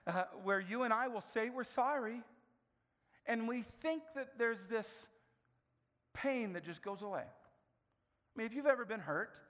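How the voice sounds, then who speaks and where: Man, 30s, pastor, sermon, animated storyteller, high voice, long reverb. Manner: animated storytelling, acting out family scenes.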